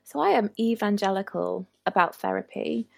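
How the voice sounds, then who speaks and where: Woman doctor on a podcast, gravelly husky voice, steady and explaining, dry close mic. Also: medium pitch, dry recording. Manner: measured, explanatory. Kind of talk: podcast conversation.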